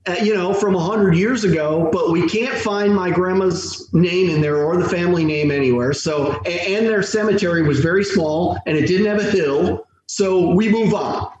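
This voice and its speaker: A man telling a travel story in casual chat, animated and stumbling over his starts. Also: high voice, moderate pace, hardly any pauses. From United States. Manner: animated, repeats words when starting sentences. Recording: echoey room, distant mic, faint hiss.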